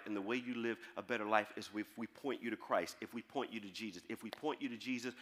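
A male pastor preaching a sermon to his congregation, calling out to the crowd, then dropping into a quiet storytelling voice. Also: mid-range voice, long reverb tail. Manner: call-and-response preaching, swings from shouting to soft storytelling. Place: large church hall.

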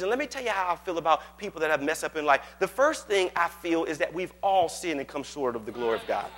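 Male pastor, conversational preaching that swells to shouts, bright high tone in a reverberant sanctuary. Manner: call-and-response, often asking "you got it?"; conversational, anecdotal preaching that builds to loud exhortation. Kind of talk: sermon.

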